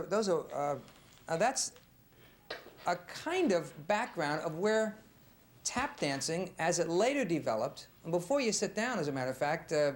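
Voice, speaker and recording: A man interviewing a dancer in a relaxed, halting way, often pausing and restarting his sentences. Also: on the high side, slight background noise. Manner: halting, many fillers and restarts. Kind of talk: casual interview.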